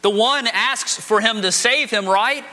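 A man's voice: sits high, a little slow, bright, forceful tone. A man preaching a sermon as pastor, dramatic, acting out the quoted speech of the people in his text. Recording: long hall reverb.

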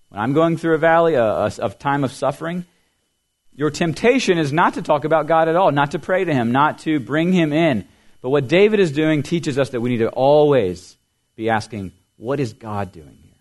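A middle-aged man pastor preaching a sermon, explaining things clearly and quizzing the children with riddles. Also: fairly high pitch, lively intonation, normal speed.

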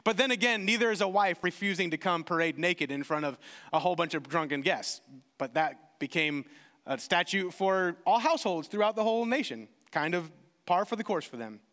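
A man preaches with a high, animated voice that leaps up and down as he acts out little exchanges. His delivery is lively and expressive. The sound carries the long reverb of a large hall. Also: fairly quick. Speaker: pastor. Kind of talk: sermon.

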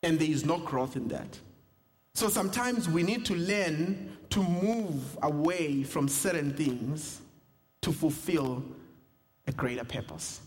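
A young South African man, a pastor, preaching a sermon with humor and personal stories. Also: on the high side. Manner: storytelling with humor, animated asides. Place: church sanctuary. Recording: reverberant church hall.

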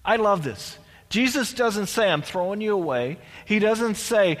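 High-voiced pastor in a reverberant hall. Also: male voice, lively intonation, a little slow, a bit bright. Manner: conversational preaching with restarts and asides. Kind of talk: sermon.

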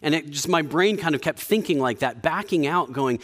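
A man preaching a sermon in a conversational way, with frequent restarts, dropping to a quiet low voice for emphasis. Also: lively intonation, normal speed. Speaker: pastor.

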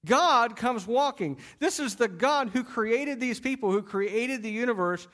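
A middle-aged man preaching a sermon as pastor, telling the story in an animated way with playful acted-out quotes. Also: extremely high pitch, a little slow.

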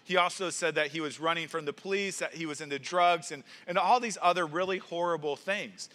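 A man's voice: on the high side, a little fast, pushed and bright. A man preaching a sermon in an earnest style, stressing points and often repeating words as he builds emphasis. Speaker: pastor.

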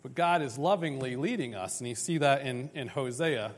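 A man preaching a sermon in an animated, conversational way, often tagging lines with "right?" and acting out voices. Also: mid-range voice, normal speed, few pauses, long reverb tail. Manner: animated, conversational, acts out dialogue.

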